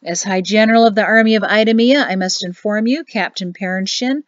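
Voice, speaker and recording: A woman reading aloud, voicing an older male high general in a storybook with a measured, formal, sly manner. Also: dry recording, lightly acted. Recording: dull lo-fi, dry closet sound.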